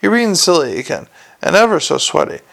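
A man's voice: fairly high pitch, very animated, brisk, vocal fry, fairly bright tone, exaggerated voice. A man voicing a scornful, bossy young noblewoman in an audiobook, scolding and dismissive. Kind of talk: audiobook character reading.

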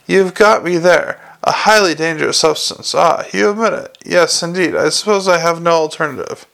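A sardonic, gruff watch commander drips mock courtesy in a gravelly voice, as a man reads him aloud. His tone stays a little high and sly. It is a storybook figure full of dry menace. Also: normal speed, a bit bright. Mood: sarcastic. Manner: mock-innocent sarcasm with a snarling edge.

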